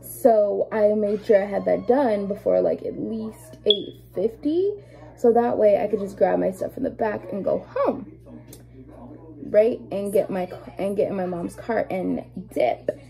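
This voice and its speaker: Animated young woman vlogger, mellow voice. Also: mid-range voice, a little slow, gravelly, poor audio. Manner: animated, indignant storytelling with lots of fillers. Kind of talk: casual storytime while doing makeup.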